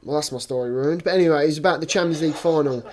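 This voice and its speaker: A man's voice: fairly high pitch, racing. Rambling young man on a podcast. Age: young adult. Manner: rambling, teasing, hesitant with many fillers. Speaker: podcast co-host. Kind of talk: casual chat.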